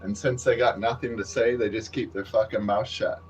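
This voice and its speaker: A man's voice: on the low side, fairly even intonation, moderate pace, darkish tone, dull audio, slight background noise. A man vlogging outdoors near a construction site, rambling wryly and cursing freely into a handheld camera. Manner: profane, rambling and wry. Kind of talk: casual rambling monologue to camera.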